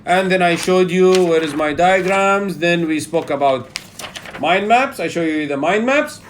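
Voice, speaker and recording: A man runs a live online public speaking lesson. He talks in a loose, chatty way and keeps checking in with his listeners with a quick "yeah?". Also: high voice, slight background noise. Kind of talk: live online teaching session.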